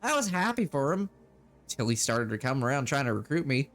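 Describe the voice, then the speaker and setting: A man's voice: medium pitch, very animated, brisk, fairly bright tone, soft background music. A man voicing a sly young elf barmaid in a faux Southern drawl, reading game text in character. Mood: wry. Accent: faux Southern American.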